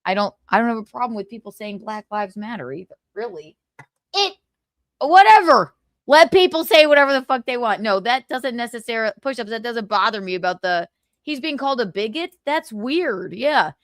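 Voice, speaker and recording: Woman streamer, sarcastic, swears, lively swooping voice, dry close mic. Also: fairly high pitch, normal speed, no echo. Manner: laughing, profane, sarcastic. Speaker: live-stream host. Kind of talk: casual gossip live stream.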